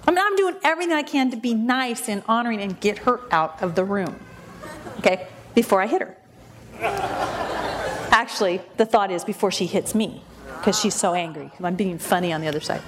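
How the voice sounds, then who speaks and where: A woman minister telling a story in a lively, humorous way and acting out the voices of the people in it. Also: mid-range voice, fairly quick, a little hiss or hum. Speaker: inner healing minister. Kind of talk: storytelling talk.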